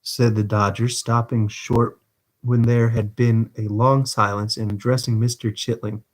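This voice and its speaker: A man casually reading a novel aloud on a livestream, with relaxed, self-deprecating asides. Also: medium pitch, unhurried. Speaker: livestream reader.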